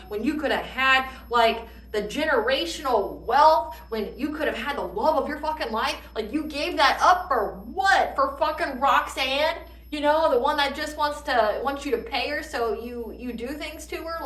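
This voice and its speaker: Tarot reader, woman, fiery profane delivery, somewhat high voice, recorded off-mic. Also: a bit bright, recorded from a distance. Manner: heated, profane, emphatic rant. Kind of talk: channeled tarot reading monologue. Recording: roomy echo, voice a bit off-mic.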